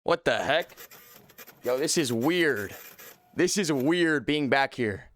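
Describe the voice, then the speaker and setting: A man's voice: mid-range voice, animated, slow pace, a bit bright. A young man hosting a casual livestream, joking and playfully mock-serious, talking from a few feet back from his desk mic at his home setup. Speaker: livestream host.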